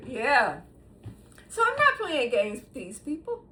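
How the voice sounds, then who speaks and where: High, lively woman in her sixties. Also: extremely slow, long pauses. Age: 60s. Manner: laughs often between sentences; talks straight to viewers, animated and emphatic. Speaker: host. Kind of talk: casual monologue to camera.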